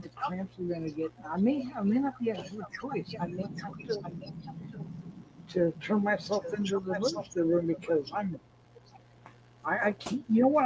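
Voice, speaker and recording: A man's voice: high voice, background noise. A man hosting a casual livestream, agitated and rambling with many restarts and curses, in pain and fighting to stay awake. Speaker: livestream host.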